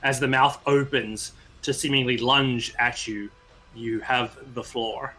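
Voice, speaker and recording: A man's voice: mid-range voice, fairly even intonation, a little slow, sharp tone, breathy edge. A man narrating scenes and calling for rolls as game master, encouraging the players. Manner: descriptive, encouraging, with fillers.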